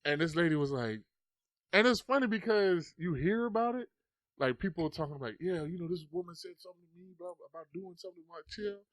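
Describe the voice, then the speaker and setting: Speaking briskly in a high-pitched voice with no echo, a young adult man hosts a podcast and tells stories in casual chat. He's animated, swears freely, and acts out what people said.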